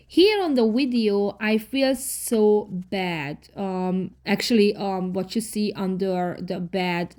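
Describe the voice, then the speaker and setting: A woman in her thirties with a foreign accent, narrating her cleaning vlog in a casual voice-over with halting, non-native phrasing and many fillers. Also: fairly low pitch, darkish tone. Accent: foreign accent in English. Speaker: cleaning vlogger.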